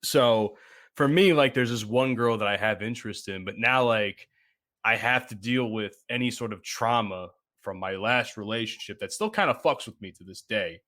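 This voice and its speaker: Podcast guest, man, bright tense tone, candid and halting delivery. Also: on the low side. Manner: candid, halting, self-deprecating. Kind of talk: casual podcast chat.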